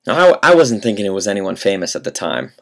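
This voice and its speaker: Young man, comic storytelling, deadpan, mock-earnest, dramatic pauses. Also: lowish voice, vocal fry. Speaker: vlogger.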